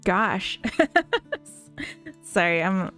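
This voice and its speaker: A woman's voice: lowish voice, steady tone, very slow, sharp tone, faint music behind. A Minnesotan woman chatting casually with viewers on a live stream, rambling and giggling often. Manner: giggly, rambling, full of fillers. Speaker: live-streaming game developer.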